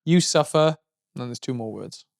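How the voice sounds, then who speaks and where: A man co-hosting a podcast in casual chat, rambling and joking, now and then yelping in a high mock voice. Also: lively intonation, moderate pace, vocal fry, dry recording, studio quality. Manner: rambling, jokey, yelps high in mock vocals. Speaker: podcast co-host.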